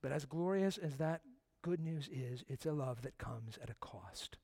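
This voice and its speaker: A man preaching a sermon as pastor, impassioned, swinging from loud emphasis down to hushed near-whispers and putting direct questions to his listeners. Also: mid-range voice, expressive, normal speed, breathy edge, no room sound.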